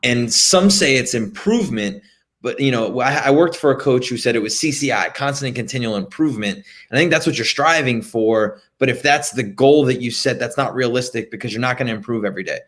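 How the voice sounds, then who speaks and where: A man hosts a conversational podcast, speaking in an encouraging, reflective manner. He asks his guest probing follow-up questions. His voice sits at an average middle pitch for a man. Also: expressive, brisk, fairly bright tone. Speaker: podcast host. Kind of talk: conversational interview.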